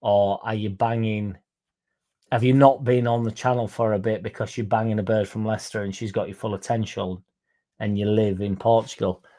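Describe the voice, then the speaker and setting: A man's voice: fairly low pitch, flat delivery, moderate pace, dark tone. A young man hosting a football fan livestream, chatting sarcastically and reading out viewer comments. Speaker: fan channel host.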